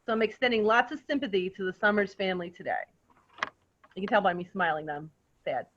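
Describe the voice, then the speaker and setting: A woman's voice: medium pitch, quick pace, fairly bright tone, a little hiss or hum, pitched below the performer's own voice, natural voice. A woman playing a smug, catty female big-cat conservationist with a giggly, mock-innocent manner, reading a murder-mystery party script over a video call. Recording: muffled video call audio.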